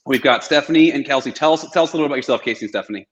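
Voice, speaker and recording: A man's voice: mid-range voice, very fast, a bit bright. A man hosting a webinar in an upbeat, joking, casual way over a video call. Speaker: webinar host. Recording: muffled video call audio.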